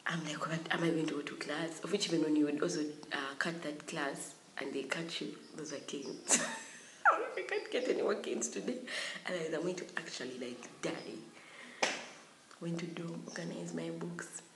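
A young adult woman, telling a story from her school days in an animated, dramatic way with many exclamations. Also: low voice, fairly quick, slight background noise. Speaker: vlogger. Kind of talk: storytime vlog. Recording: echoey room.

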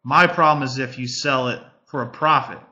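A man makes his case in a casual panel chat, earnest and circling back on his own phrases. His voice is sharp and very bright. The sound is muffled and lo-fi. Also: mid-range voice, moderate pace. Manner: earnest, repeats himself while arguing a point. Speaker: panel guest.

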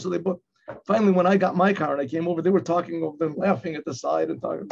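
Husky high-voiced rabbi telling a story. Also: male voice, rapid-fire. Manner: storytelling, acts out shouted quotes. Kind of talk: Torah class with personal story. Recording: dull lo-fi recording.

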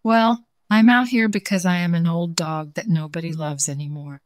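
A woman's voice: fairly low pitch, steady tone, normal speed, dry recording, studio quality, natural voice. A woman voicing a small old male dog who is sheepish, sad and wise, in a children's storybook reading. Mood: wistful. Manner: soft, sheepish, wistful.

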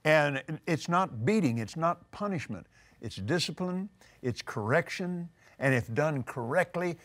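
An older man, teaching on a talk show, emphatic and animated, repeating words for force. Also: on the high side. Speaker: preacher. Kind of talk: conversational teaching.

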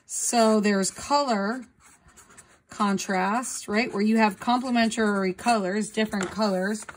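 A woman's voice: medium pitch, fairly even intonation, a little slow. A woman art teacher talking casually through a drawing demonstration, often checking in with "right?". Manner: casual, tags sentences with "right?".

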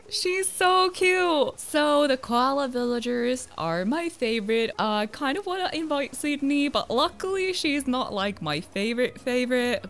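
A young woman giving casual, chatty commentary on her gameplay, with expressive, dramatic reactions. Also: a little high. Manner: chatty, talks to viewers. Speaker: gaming YouTuber.

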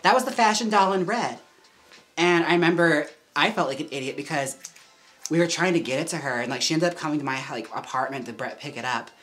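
Low bright-voiced woman hosting a livestream, giggly chatty vibe, lots of "like". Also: lively intonation, quick pace, faint music behind. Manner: chatty, giggly, heavy use of "like". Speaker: livestream host styling a wig. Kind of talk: casual livestream chat.

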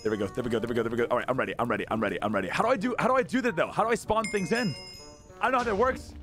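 A young man streaming a modded game and talking to his chat, frantic, repeating himself and often shouting. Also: mid-range voice, rapid-fire. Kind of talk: excited gameplay commentary. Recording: music playing clearly under the voice.

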